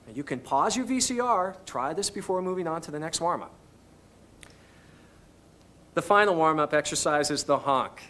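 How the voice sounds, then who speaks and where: A man's voice: a little high, lively intonation, normal speed, pauses often, bright, forceful tone, a little hiss or hum. A man teaching singing on an instructional video, patiently coaching each step. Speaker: vocal instructor.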